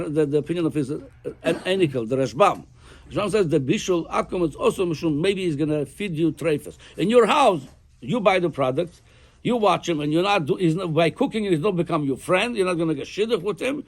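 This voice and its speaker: A man teaching a Torah class as a rabbi. He often repeats words while he thinks. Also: high voice. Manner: animated, repeats words while thinking, mixes Hebrew and Aramaic terms.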